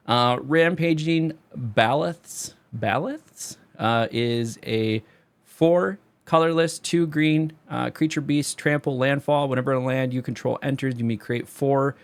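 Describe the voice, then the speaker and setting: A young man rambling casually through card reviews, his voice going hoarse and straining on high notes. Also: unhurried. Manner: loose, rambling, sings a repeated catchphrase. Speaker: card game video creator.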